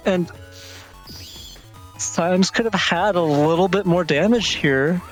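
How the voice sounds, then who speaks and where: A commentator talks slowly and deliberately over an online game match. He breaks into dramatic mock-angry rants, repeating the same phrases over and over. Faint game music plays in the background. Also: mid-range voice. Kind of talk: casual esports commentary.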